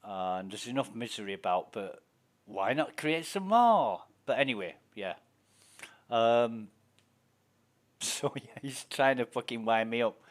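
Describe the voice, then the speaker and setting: A Yorkshire man rambling through a story as he plays, with plenty of cursing along the way. His voice sits at an ordinary middle pitch, and his delivery is loose and conversational. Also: lively intonation, unhurried. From Yorkshire, England. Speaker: game streamer. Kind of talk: casual chat while gaming.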